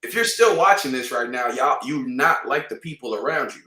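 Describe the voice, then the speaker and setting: A man from Canada talking casually on a trading livestream panel, animated and slangy, repeating points for emphasis. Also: medium pitch, moderate pace, roomy sound, distant mic.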